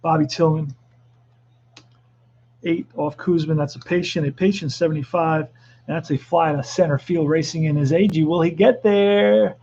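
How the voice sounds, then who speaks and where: A middle-aged man doing excitable play-by-play commentary of a tabletop baseball replay, with joking asides. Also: a little high, normal speed, long pauses, lo-fi sound, a little hiss or hum.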